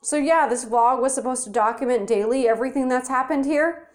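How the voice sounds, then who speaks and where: Speaking a little fast in a high voice, a young woman vlogger delivers an angry, profane rant to camera. She's blunt and exasperated, holding her phone in hand as she records inside her apartment.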